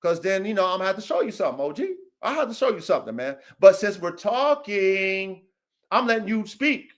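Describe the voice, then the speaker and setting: A man hosting a livestream podcast, talking in a slangy, confrontational way, with low mutters and loud emphatic bursts. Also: very animated, brisk. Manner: confrontational, slangy, repeats a taunting catchphrase. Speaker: podcast host, dog breeder.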